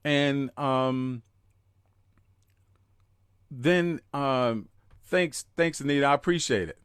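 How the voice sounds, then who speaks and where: A man's voice: medium pitch, slow pace, a bit bright, smooth, no room sound, clean studio sound. A man hosting a live podcast, talking emphatically and greeting listeners in the chat by name. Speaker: podcast host.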